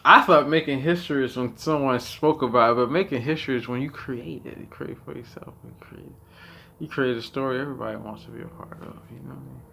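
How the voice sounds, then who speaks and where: A man's voice: mid-range voice, fast talker, gravelly, sharp tone, a little hiss or hum. A man giving casual gameplay commentary on his channel, rambling with lots of fillers, swearing and laughing as he talks. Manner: rambling, filler-heavy, profane; laughs often mid-sentence. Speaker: gaming channel host.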